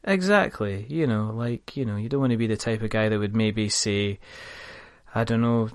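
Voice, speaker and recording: A man's voice: lowish voice, normal speed, clean tone, dry recording. A man hosting a gaming podcast, chatting casually in a rambling, jokey way. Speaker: podcast host. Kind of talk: casual chat.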